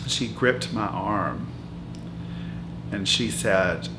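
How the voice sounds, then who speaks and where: Playing a brash hotel-dwelling woman of 66, this man talks extremely slowly in a lowish voice, wandering through her life story mockumentary-style with lots of fillers and false starts. The mood is rambling, and heavy background noise mixes with loud music in an echoey room.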